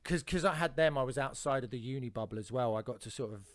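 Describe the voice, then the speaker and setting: A man's voice: mid-range voice, quick pace. A man, a comedian telling rambling anecdotes on a podcast with frequent restarts and swearing. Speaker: comedian guest.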